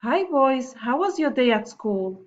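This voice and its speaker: A woman's voice: high-pitched, very animated, measured pace, pitched above the performer's own voice. A sweet cheerful mom, as a woman reads her. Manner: sweet, slightly raised voice. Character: sweet cheerful mother of two boys. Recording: dull lo-fi recording.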